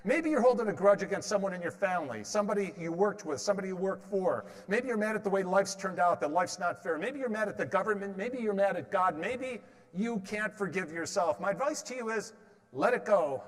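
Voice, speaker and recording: A man in his fifties gives a motivational talk in a large hall, his rather high voice trailing a long reverb. He tells stories and keeps quizzing the crowd with questions and jokes. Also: animated, brisk. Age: 50s. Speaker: motivational speaker. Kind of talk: motivational stage talk with humor.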